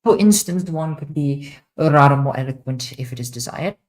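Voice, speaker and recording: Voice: medium pitch, expressive, normal speed, a little mellow, close to an everyday voice. A streamer putting on a haughty posh narrator. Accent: put-on posh. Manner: lofty, formal phrasing.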